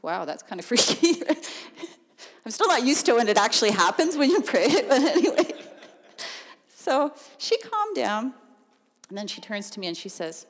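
Woman, storyteller, animated and chatty, lots of laughs, long hall echo. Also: mid-range voice, fairly quick. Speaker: speaker telling a personal story. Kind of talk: storytelling testimony. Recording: long reverb of a large hall.

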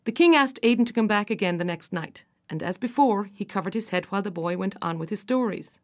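A woman narrates a folktale in a storybook reading. Her voice sits at a middle pitch and turns expressive as she brings the characters to life. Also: fairly quick.

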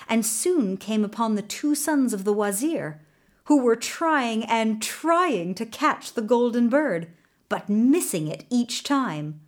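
Woman reading a fairy tale aloud, slow pace, lively rising and falling pitch, storybook narration.

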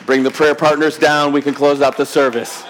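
A fairly high-voiced male pastor preaching. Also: flat delivery, moderate pace, fairly bright tone, a faint crowd, slight background noise. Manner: conversational preaching with humor, rising to emphatic. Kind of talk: sermon. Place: church sanctuary with congregation.

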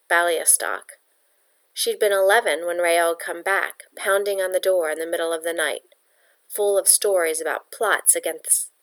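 A woman reading a novel aloud with a steady, measured storytelling delivery. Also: fairly low pitch. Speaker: audiobook narrator. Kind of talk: audiobook reading.

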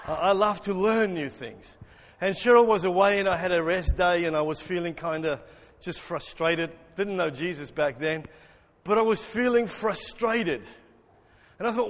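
A man preaching an interactive sermon as pastor, lively and joking with the congregation, acting out voices. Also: sits high, normal speed. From South Africa. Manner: animated, acts out voices, jokes with congregation. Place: church hall. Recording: long hall reverb.

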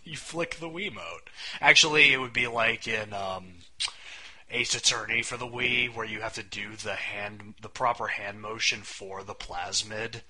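A man's voice: lowish voice, a little slow, bright, forceful tone, rough recording. A young man co-hosting a casual podcast, talking in a rambling, wry way and swearing casually. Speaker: podcast co-host.

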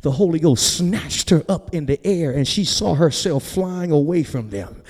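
A male pastor delivering a sermon, telling stories with joking asides and building up to shouting. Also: a little high, expressive, normal speed, big-room sound. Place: church.

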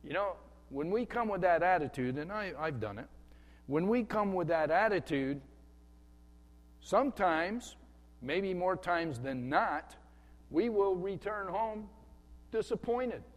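A man's voice: a little high, lively intonation, measured pace, long reverb tail. A male pastor giving a conversational sermon in a church sanctuary, acting out the thoughts of a churchgoer. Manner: conversational preaching with acted-out inner thoughts.

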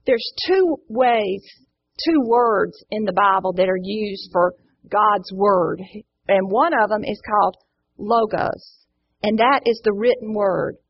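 Husky woman teaching Bible study. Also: medium pitch, slow. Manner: earnest, encouraging, asks the group questions. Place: indoor room with a live group. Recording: dull lo-fi recording.

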